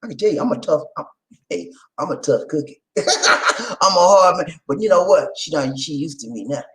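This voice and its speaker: A middle-aged man hosting a casual livestream chat, animated, swinging between low murmurs, shouts and bits of song. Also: moderate pace. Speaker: channel host.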